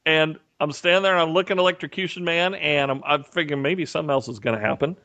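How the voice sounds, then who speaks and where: A man co-hosting a casual podcast over a remote call. He spins a story with energy and slips into the voices of the people he quotes. His voice sits a little high. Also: fast talker, muffled recording. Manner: animated storyteller, acts out quotes. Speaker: podcast co-host. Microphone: remote call mic.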